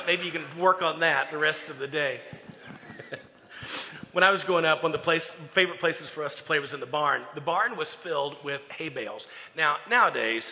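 A man's voice: on the high side, sharp tone. A man preaching a sermon as pastor, folksy and joking as he tells stories. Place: church sanctuary. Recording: echoey church hall.

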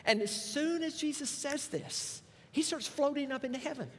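A man's voice: very high voice, moderate pace, fairly bright tone. A male pastor, preaching a sermon and retelling scripture with folksy asides. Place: church sanctuary. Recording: long reverb of a church hall.

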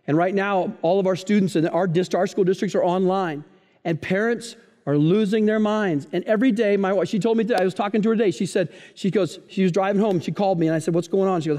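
A pastor delivers a sermon in a high, bright-edged voice, and a long reverb trails his words through the hall. He preaches in an animated way, full of playful asides and stories. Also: fast. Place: church hall.

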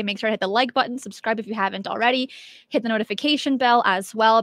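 A woman's voice: medium pitch, fairly bright tone, dry recording. A woman hosting a live stream, talking in an enthusiastic, chatty way. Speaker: show host. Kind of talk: casual live-stream chat.

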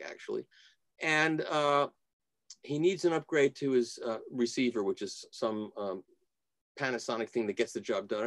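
Brief: male guest, mid-pitched, rambling anecdotes, dry close sound. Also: dry recording. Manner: rambling storyteller, restarts sentences. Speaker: guest audio reviewer. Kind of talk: casual interview.

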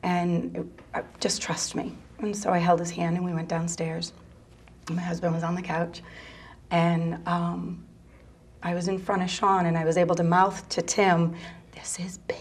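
A middle-aged mother telling a personal story in an interview, soft-spoken and halting, sometimes dropping to a near whisper. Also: fairly low pitch, flat delivery. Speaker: mother of a gay teen son; interview guest.

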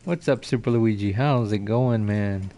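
A man's voice: on the low side, measured pace, mellow. A man streaming a game live, chatting casually and greeting viewers by name on a desk mic. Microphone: desk mic, no headset.

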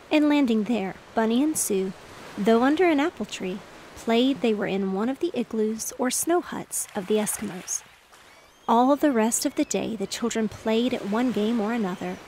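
A woman narrating a bedtime story in a gentle, even, soothing way. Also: fairly high pitch, slight background noise.

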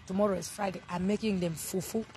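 A woman from southern Africa preaching casually on a live stream, exuberant and loud in bursts, greeting viewers by name. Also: medium pitch, steady tone, fast talker, a little hiss or hum.

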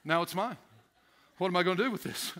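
A male pastor preaching a sermon, animated, laughing often and acting out the voices of stressed people. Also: high-pitched, fairly quick. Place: church sanctuary.

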